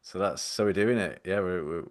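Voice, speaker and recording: A man's voice: deep voice, normal speed. A middle-aged man co-hosting a podcast, chatting casually, rambling and joking and trailing off. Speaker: podcast co-host. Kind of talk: casual chat. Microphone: podcast mic on camera.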